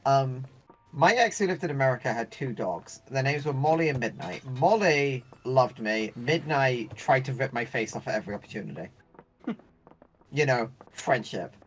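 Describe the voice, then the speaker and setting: A woman's voice: rumbling low, expressive, moderate pace. A young woman streamer telling embarrassing stories in casual chat, swearing and acting out the voices of people she quotes.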